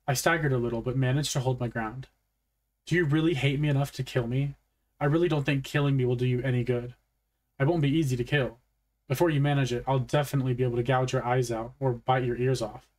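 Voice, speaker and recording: A man reading a novel aloud in a calm, matter-of-fact first-person narration. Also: medium pitch, fairly quick. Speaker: audiobook reader. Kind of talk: audiobook narration.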